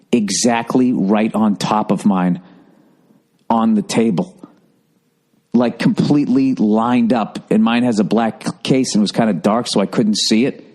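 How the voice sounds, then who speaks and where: A man hosting a podcast, ranting through profane, rambling comic stories. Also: fairly low pitch. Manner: profane, rambling, animated storytelling. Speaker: comedian and podcast host. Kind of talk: stand-up style podcast rant.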